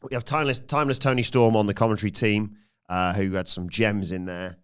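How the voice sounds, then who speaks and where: Male podcast co-host, low and smooth, brisk match recap. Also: fairly even intonation. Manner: brisk play-by-play recounting with frequent "uh" fillers.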